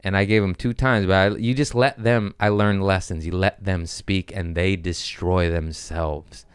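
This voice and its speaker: Male comedian host, deep resonant voice, crude casual storytelling. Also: measured pace, clear, resonant tone, no room sound, studio quality. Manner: animated storytelling with crude language. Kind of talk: casual monologue.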